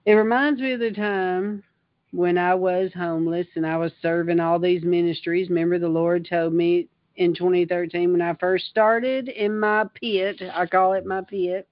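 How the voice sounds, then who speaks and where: A woman's voice: fairly low pitch, steady tone, moderate pace, dry recording, highs cut off. A woman preaching an informal livestream sermon, fervent and emphatic, reading scripture and riffing on it. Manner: fervent and emphatic, reads scripture then riffs on it.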